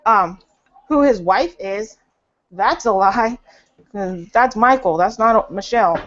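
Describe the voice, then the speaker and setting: A woman's voice: mid-range voice, slow, a bit bright. A woman ranting in a casual, rambling way on a group call, with lots of fillers and restarts. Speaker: caller in a group voice chat. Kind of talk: casual conspiracy rant. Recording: dull lo-fi online call audio.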